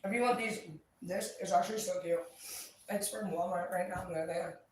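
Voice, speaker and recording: A woman's voice: fairly low pitch, fairly even intonation, normal speed. Chatty, foul-mouthed woman in an echoey space. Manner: chatty, profane, upbeat. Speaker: vlogger. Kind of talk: casual chat. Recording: echoey, distant mic, faint ambient noise.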